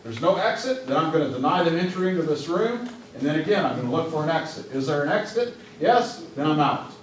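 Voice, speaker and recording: Blunt police trainer in an echoey room. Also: male voice, on the high side, big pitch swings, fast, a little hiss or hum. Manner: blunt, joking, shouts commands when demonstrating. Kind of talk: live training presentation. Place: office meeting room with audience. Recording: echoey room, mic from a distance.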